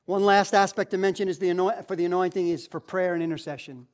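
A woman preacher delivering a sermon with passion. She repeats key phrases, swings from loud, emphatic cries to low, hushed asides. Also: fairly even intonation, fast.

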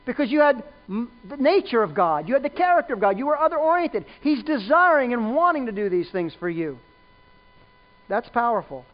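A preacher delivers a sermon in a medium-pitched voice, very animated and a little fast. He's emphatic, repeating key lines and quizzing his listeners, captured in a dull lo-fi recording.

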